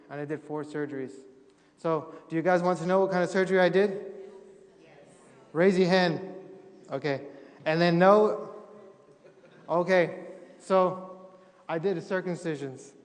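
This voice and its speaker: A man's voice: on the high side, steady tone, normal speed, long pauses, big-room sound. A young man giving a humorous missionary testimony to a congregation, acting out what people said. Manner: humorous storytelling, acting out quotes. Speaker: missionary speaker. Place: church sanctuary.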